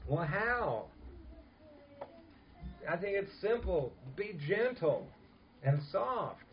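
A man's voice: high voice, very animated, drawn-out words, faint music behind. Earnest male preacher, muffled recording. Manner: earnest, emphatic preaching with soft asides. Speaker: pastor. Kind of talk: sermon.

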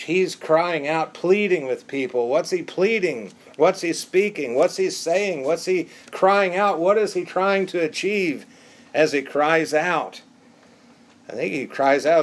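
Earnest male pastor preaching. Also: a little high. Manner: earnest, pleading emphasis with rhetorical questions. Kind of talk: sermon.

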